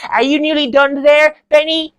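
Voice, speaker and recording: A woman voicing an effusive, bossy drama lecturer in a high, sing-song voice. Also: level tone, normal speed, lightly acted. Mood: gushing. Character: gushing theatrical female drama lecturer.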